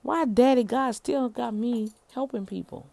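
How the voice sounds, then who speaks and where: A woman's voice: a little high, a little slow, creaky, darkish tone, dry recording. A middle-aged woman, an entrepreneur, giving a casual motivational rant in a preachy way, calling her listeners y'all and often repeating words.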